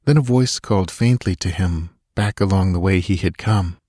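Low-voiced male audiobook narrator. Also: normal speed, mellow, no room sound, studio quality. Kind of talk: scripted narration.

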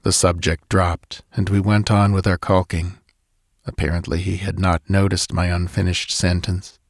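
A man reads a literary story aloud in a measured, somber first-person voice. His voice is low-pitched, and the recording is dry and close. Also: flat delivery, no room sound. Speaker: audiobook narrator. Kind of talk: scripted narration of a literary tale.

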